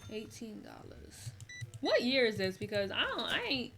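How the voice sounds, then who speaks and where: A young adult woman streaming a game, tired and chatting in a rambling, relaxed way full of slang. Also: on the high side, normal speed, vocal fry, very noisy. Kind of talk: casual gameplay chat.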